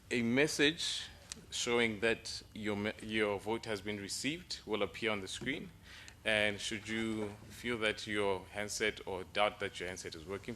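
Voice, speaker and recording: A man with a South African accent giving clear step-by-step instructions to a meeting audience. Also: lowish voice, pushed and bright, a little hiss or hum. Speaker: presenter explaining voting devices. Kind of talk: instructional announcement.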